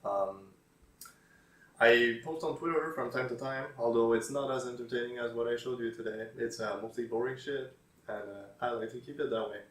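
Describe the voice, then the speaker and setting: A man's voice: mid-range voice, moderate pace, fairly bright tone. Guy rambling about tweets, lots of uhs, dry sarcastic jokes, echoey room, mic kinda far. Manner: hesitant, many fillers, dry sarcastic asides. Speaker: YouTuber reading tweets. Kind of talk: casual commentary. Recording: roomy echo, distant mic.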